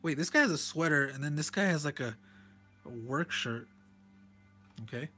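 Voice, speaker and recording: A man with a slightly high voice walks through a comic review in a loose, conversational way. He chuckles often and corrects himself mid-thought. Faint music plays underneath. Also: lively intonation, normal speed, bright, forceful tone, slightly rough. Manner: chuckles often and reads panel text aloud; rambling, self-correcting asides. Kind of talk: casual page-by-page review.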